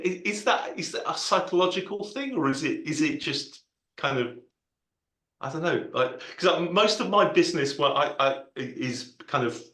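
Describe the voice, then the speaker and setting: A man's voice: medium pitch, fairly bright tone, reverberant. A man asking a question on an online Q&A, hesitant and self-deprecating with many restarts. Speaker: Q&A participant. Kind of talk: casual online Q&A. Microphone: video call.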